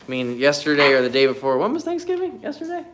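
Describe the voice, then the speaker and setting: A man's voice: a little high, wildly swooping pitch, quick pace, fairly bright tone, a little hiss or hum. Loose, swearing man streaming live with his pets. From United States. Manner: loose, swearing, talks to animals and chat. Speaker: pet keeper streaming live. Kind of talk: casual live stream chat. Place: home and backyard, in and out of doors.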